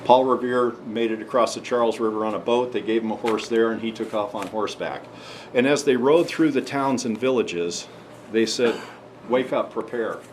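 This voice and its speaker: A man's voice: lowish voice, moderate pace, a little mellow, a little hiss or hum. Man giving an emphatic storytelling talk. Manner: conversational storytelling, emphatic rhetorical questions. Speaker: speaker addressing an audience. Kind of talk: history talk and advocacy speech.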